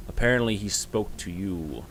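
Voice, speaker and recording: A man voicing a calm, well-dressed male storm giant who speaks slowly, gravely and quietly. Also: lowish voice, a little hiss or hum, low-quality recording.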